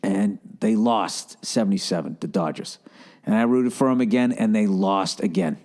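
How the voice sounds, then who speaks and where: A man's voice: fairly low pitch, moderate pace, a little mellow. A man hosting a solo podcast in a rambling, profane monologue with sarcastic asides. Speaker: podcast host.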